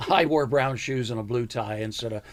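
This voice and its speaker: An American comedian in his seventies, guesting on a casual interview, tells stories in a mid-range voice at a moderate pace. He's an animated storyteller who slips into impressions of people he knew.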